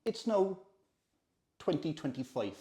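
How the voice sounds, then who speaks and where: An Irish man doing an impression of an older male prime minister, speaking slowly and formally. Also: fairly high pitch, sing-song, warm tone. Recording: roomy echo.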